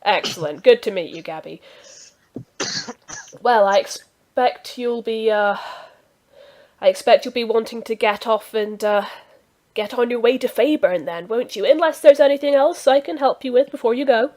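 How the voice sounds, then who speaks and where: A woman voicing a cheerful, fussy male village healer who talks loudly and eagerly. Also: a little high, moderate pace, voice pushed up, natural voice. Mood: hearty. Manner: loud, hearty and eager.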